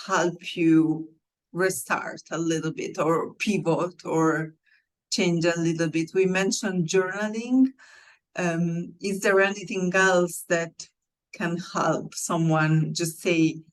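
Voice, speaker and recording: A woman hosting a podcast interview, speaking in a measured, encouraging and affirming way. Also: lowish voice, rough recording. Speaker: podcast host and executive coach. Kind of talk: casual interview chat.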